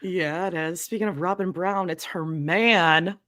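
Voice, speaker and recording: A woman's voice: fairly low pitch, measured pace, a bit bright. A woman co-hosting a pop culture podcast in casual chat, talking in a chatty, self-deprecating way over a video call. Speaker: podcast co-host.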